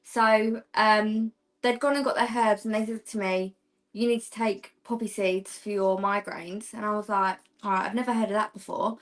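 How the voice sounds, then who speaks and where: A woman's voice: mid-range voice, steady tone, normal speed. A young woman chatting as a guest, telling a story in a rambling way with fillers and giggles. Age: young adult. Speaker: guest, practicing witch. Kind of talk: casual chat.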